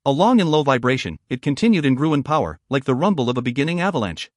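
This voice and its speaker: A man narrating a fantasy audiobook in an even, storytelling manner. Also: medium pitch, quick pace, no echo, studio quality.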